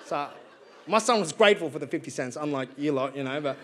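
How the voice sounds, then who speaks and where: Brief: wry, animated stand-up comic, thirties, light high voice. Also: male voice, fast, crowd noise, background noise. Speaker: stand-up comedian. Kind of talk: stand-up comedy. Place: live theatre stage.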